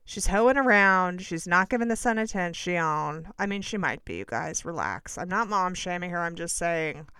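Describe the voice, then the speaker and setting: A woman's voice: lowish voice, lively intonation, normal speed, hardly any pauses, sharp tone, clean tone, no room sound, clean studio sound. A young woman hosting a podcast, giving blunt, snarky, dramatic commentary on reality TV gossip. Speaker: podcast host.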